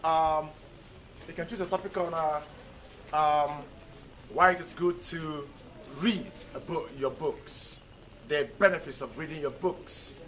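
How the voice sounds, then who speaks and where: A man's voice: on the high side, measured pace, a bit bright. A male teacher in a school classroom, drilling pronunciation and talking to his students with rhetorical questions. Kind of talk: classroom lesson and talk to students. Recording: noisy classroom recording.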